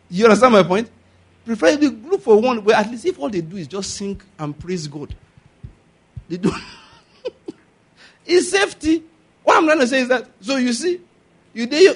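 A man with a Nigerian accent preaches a sermon in a very high, slightly rough voice. He repeats his points emphatically in an exhortation and chuckles often.

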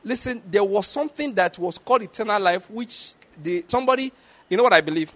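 High-voiced man preaching a lively sermon. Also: a little fast. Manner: animated preaching with rhetorical questions and acted-out quotes.

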